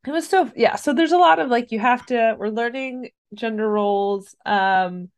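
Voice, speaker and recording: A woman's voice: on the high side, normal speed, clear, resonant tone. A woman co-hosting a casual chat, recapping a film with laughs. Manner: chatty, laughs while telling. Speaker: podcast co-host.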